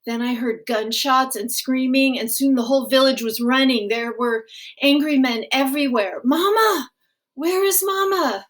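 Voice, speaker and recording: A woman reading a graphic novel aloud, in a gentle, unhurried storytelling manner. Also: fairly high pitch, steady tone. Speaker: audiobook reader.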